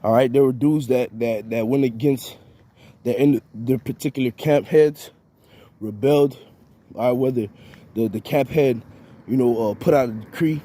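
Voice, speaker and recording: A man delivering an informal spiritual rant, halting and repeating words, tagging his lines with "man". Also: medium pitch, dark tone. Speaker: preacher.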